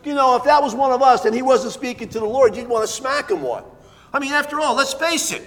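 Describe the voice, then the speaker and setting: Male pastor, high voice, emphatic sermon, long reverb of a church hall. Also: quick pace. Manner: emphatic, swings between hushed and loud.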